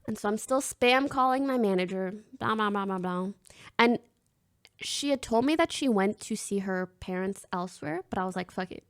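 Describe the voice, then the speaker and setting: A woman's voice: on the high side, no echo, studio quality. A young woman streamer casually telling her chat a story, swearing freely and acting out what people said. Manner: animated, swears freely, acts out quoted lines.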